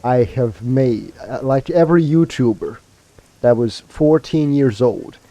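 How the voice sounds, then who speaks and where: A man's voice: medium pitch, unhurried, dark tone, no room sound. A man streaming a video game, chatting casually to his viewers and rambling with fillers and restarts. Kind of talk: casual let's-play commentary.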